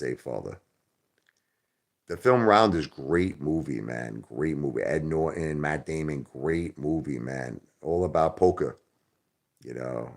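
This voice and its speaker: A man with a very low voice talks through a casual livestream monologue. He rambles and circles back on his points. He lurches between sudden loud bursts and low grumbling asides, turning his curses into polite stand-ins. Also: gravelly. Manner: rambling, repetitive, swings between loud outbursts and low muttering; minces swear words into euphemisms. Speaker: livestream host.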